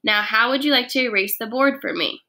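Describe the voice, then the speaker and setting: A woman's voice: a little high, lively intonation, sharp tone. A woman voicing a stern, grumpy middle-aged woman teacher who speaks in a clipped, grumbling way. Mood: firm. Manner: clipped, grumbling, slow and menacing when angry.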